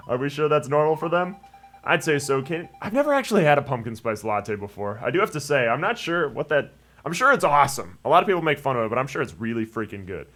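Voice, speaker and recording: A young man hosts a let's play, rambling and joking as he reads game dialogue aloud in different voices. His medium-pitched voice swings widely in pitch, moves at a quick pace and sounds a bit bright, with faint game music in the background.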